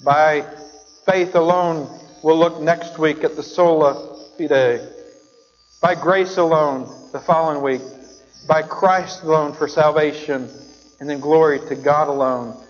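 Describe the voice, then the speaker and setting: Man, pastor, sermon, high voice, long hall reverb. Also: fairly even intonation, a little slow, lo-fi sound. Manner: storytelling, acts out the characters in the story. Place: church sanctuary.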